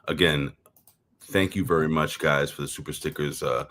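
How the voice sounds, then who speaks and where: A man with a New York accent talks wrestling in a loose, meandering way, swearing freely and stumbling over repeated words. His voice sits very low. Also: fairly even intonation, normal speed, noisy background. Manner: rambling, profane, repeats words and fills with "um". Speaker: co-host of a wrestling review show. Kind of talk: casual livestream chat.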